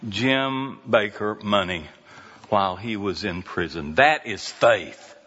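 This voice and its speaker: A pastor delivers a sermon, telling stories and asking the congregation questions at a slow, conversational pace. His mid-range voice is pushed, bright and slightly rough, captured with dull lo-fi sound in a reverberant hall.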